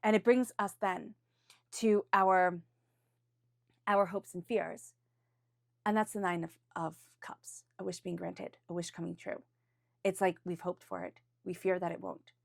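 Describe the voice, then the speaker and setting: Her voice fairly low, gravelly and steady, a tarot reader speaks unhurriedly through her weekly forecast, with no room sound and a clean studio recording. She talks off the cuff, earnest and encouraging, restarting phrases often and occasionally calling on angels and spirit guides.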